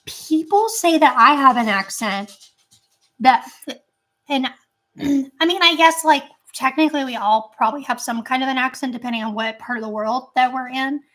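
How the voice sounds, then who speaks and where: A woman's voice: sits high, normal speed, a bit bright. A woman hosting a casual snack-tasting chat at home, rambling with lots of fillers, her voice strained and not at its best. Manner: chatty, rambling with many fillers. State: voice strained, not great right now. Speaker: channel host.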